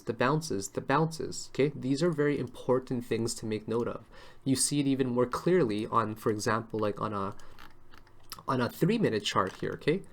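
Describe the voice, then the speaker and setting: A man's voice: medium pitch, gravelly. A man giving a casual live-stream lesson on trading charts, chatty and always checking in with his viewers. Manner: chatty, keeps checking in with "right?" and "okay?". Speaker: crypto trading analyst.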